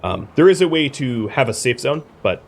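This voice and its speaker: A man's voice: medium pitch, sing-song, moderate pace, vocal fry, crowd noise. A man streaming a video game, casually explaining the mechanics with lots of fillers. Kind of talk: casual gameplay commentary.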